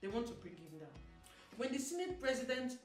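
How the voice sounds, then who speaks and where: A Nigerian woman giving sassy, animated opinion commentary as a vlogger, slipping into Pidgin. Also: fairly high pitch, fairly quick. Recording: roomy echo, mic at a distance, soft music.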